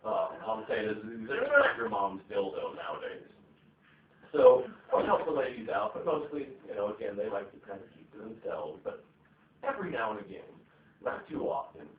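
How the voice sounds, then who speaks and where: A man's voice: on the low side, big pitch swings, moderate pace. A man doing a stand-up set, rambling and profane, with lots of fillers. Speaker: stand-up comedian. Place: comedy venue stage. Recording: echoey, tinny, distant live recording.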